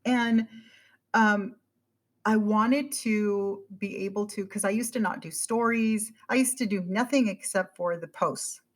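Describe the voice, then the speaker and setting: A woman in her forties appears as a podcast guest, her mid-range voice unhurried. In a casual interview chat, she tells her story with animation, acting out her own thoughts along the way.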